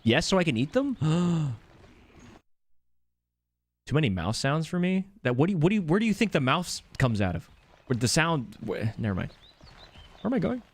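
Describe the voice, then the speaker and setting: A man's voice: fairly high pitch, big pitch swings, moderate pace, long pauses. A man streaming a video game live, chatting playfully and joking with his viewers. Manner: playful, joking, reacts to chat. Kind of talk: casual live gameplay commentary.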